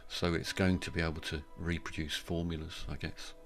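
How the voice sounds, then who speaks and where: A man's voice: rumbling low, flat delivery, brisk, fairly bright tone, faint music behind. A man co-hosting a casual live stream chat, rambling and thoughtful, often trailing off. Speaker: co-host.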